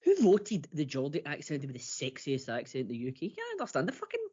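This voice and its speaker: A man rants excitably on a podcast, mocking and swearing freely. His slightly husky voice swings up and down a lot, and the recording sounds dull and lo-fi. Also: on the high side, fast talker. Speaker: podcast co-host. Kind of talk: casual chat.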